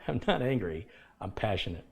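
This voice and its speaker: A man's voice: on the low side, sing-song, moderate pace, vocal fry. A man hosting a live computer repair stream, talking casually but with passion and emphasis, lecturing his viewers. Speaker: livestream host. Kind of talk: casual livestream talk.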